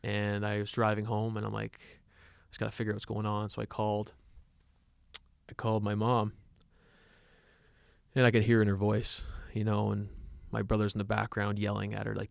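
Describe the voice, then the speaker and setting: A young man co-hosting a podcast, telling a personal story in an earnest, halting way with many restarts. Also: on the low side, monotone, gravelly, dry recording. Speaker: podcast co-host. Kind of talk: personal storytelling in casual chat.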